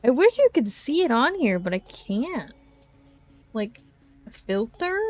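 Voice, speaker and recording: A woman's voice: fairly high pitch, big pitch swings, unhurried, soft background music. A woman streaming a game and chatting casually with her viewers, rambling along and breaking into exasperated exclamations, speaking into a desk microphone. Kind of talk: casual live-stream chat.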